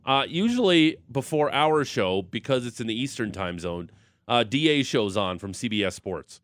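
A man's voice: medium pitch, expressive, moderate pace, fairly bright tone, no room sound. Man, sports radio host, chatty, jokey asides, dry close studio sound. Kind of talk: casual studio banter.

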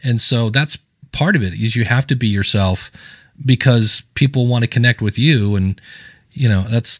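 A man speaking as a podcast guest, trading stories in a relaxed conversational way and slipping into other people's voices when he quotes them. His voice sits at an ordinary middle pitch, and the recording is close and dry with no room sound. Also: moderate pace, no echo. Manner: storytelling, acting out quoted people in anecdotes. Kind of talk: casual interview chat.

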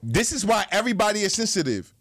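Man, high voice, pushy debater, repeats himself, won't yield the floor. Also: sing-song, quick pace, fairly bright tone. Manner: insistent, talks over others, repeats phrases, swears. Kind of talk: heated podcast debate.

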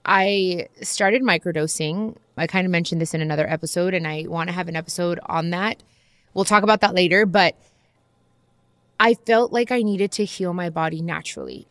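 A woman's voice: fairly low pitch, normal speed, no room sound, clean studio sound. A woman hosting a podcast, telling a personal story in a candid, casual way, talking straight to her listeners and acting out the people she quotes. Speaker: podcast host.

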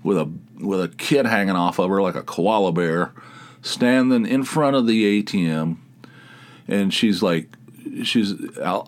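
A man hosting his own podcast, telling rambling, animated stories in casual chat and laughing at them. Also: low voice, unhurried. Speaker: podcast host. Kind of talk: casual solo storytelling.

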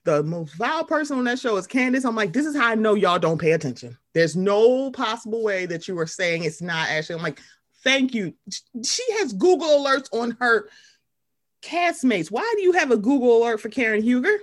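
A woman's voice: on the high side, big pitch swings, a little fast. A young woman hosting a casual chat show, talking animatedly and acting out quotes in different voices. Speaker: podcast host.

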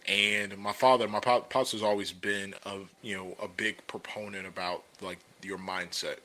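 Bright-toned man telling a story. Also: lowish voice, fairly even intonation, normal speed, a little hiss or hum. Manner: conversational storytelling, many fillers, rising energy when making a point. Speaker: podcast co-host and business coach. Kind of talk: casual podcast talk.

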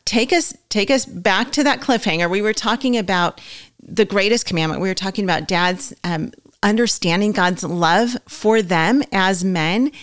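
A woman's voice: mid-range voice, fairly bright tone. Upbeat woman hosting a podcast. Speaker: podcast host. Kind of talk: podcast hosting and sponsor read.

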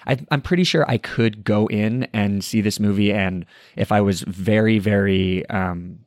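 Low-voiced measured man, dry sound. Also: darkish tone, dry recording. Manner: measured, thoughtful, leads questions. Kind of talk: casual movie review chat.

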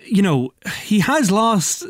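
Lively radio host. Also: male voice, high voice, slow, no echo, studio quality. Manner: hesitant, many fillers and restarts, thinks aloud. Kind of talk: casual chat.

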